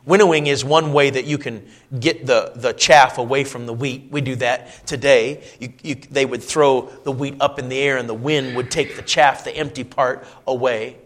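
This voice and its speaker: A man preaching a sermon, asking his listeners questions and dropping to a soft, low voice when he quotes scripture. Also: steady tone, normal speed, few pauses. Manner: swings between loud emphatic lines and soft low quoting; asks the congregation rhetorical questions.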